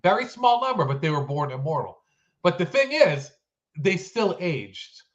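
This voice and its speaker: A man's voice: sits high, very animated, normal speed. A man co-hosting a casual chat show, sounding stuffy-nosed and nasal, rambling and self-deprecating. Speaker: podcast co-host. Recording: dull lo-fi sound.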